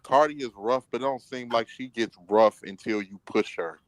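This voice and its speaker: A man's voice: mid-range voice, normal speed, a crowd in the background, poor audio. A man chatting casually in a laid-back, slangy way as a co-host. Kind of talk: casual chat.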